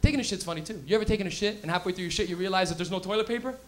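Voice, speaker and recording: A man's voice: high voice, very fast, heavy background noise. A young man doing live stand-up comedy on a club stage, rowdy and profane, acting out everyday scenes in silly voices.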